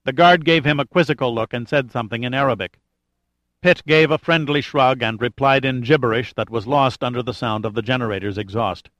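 A man narrates an action story at a measured, even pace, with his pitch sitting in the middle of the male range. The recording is dry and close, with no room sound at all. He reads like a steady audiobook narrator. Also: no echo. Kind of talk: scripted narration.

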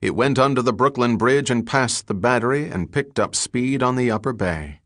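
A man narrating an audiobook in an even, steady storytelling manner. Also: medium pitch, moderate pace, no room sound, studio quality. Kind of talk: scripted narration.

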